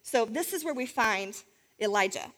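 A woman's voice: on the high side, expressive, normal speed, a bit bright, big-room sound. A woman telling a Bible story in a chatty sermon, with many fillers and asides. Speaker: Bible teacher.

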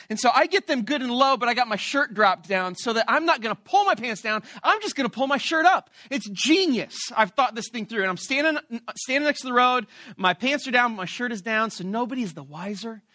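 A man preaching a sermon who tells a story about himself in an animated, playful and self-mocking way. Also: very high voice, brisk, dry recording, clean studio sound. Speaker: pastor.

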